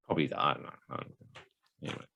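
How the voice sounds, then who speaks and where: A man's voice: racing, a little hiss or hum. A man with an English accent co-hosting a podcast, rambling and joking in casual chat. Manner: rambling, jokey, with animated asides. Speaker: podcast co-host.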